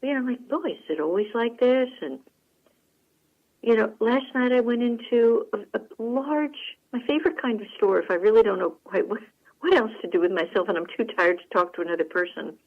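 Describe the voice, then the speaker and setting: A woman hosting a radio talk show, telling stories to listeners in a folksy, animated way. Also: on the high side, a little fast, muffled recording. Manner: folksy, animated storytelling with frequent laughs. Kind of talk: chatty monologue to listeners.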